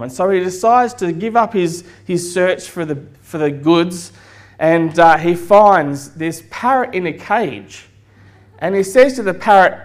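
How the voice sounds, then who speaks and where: Man preaching in a relaxed storytelling sermon. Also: a little high, moderate pace. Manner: relaxed storytelling with fillers and jokes. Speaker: pastor.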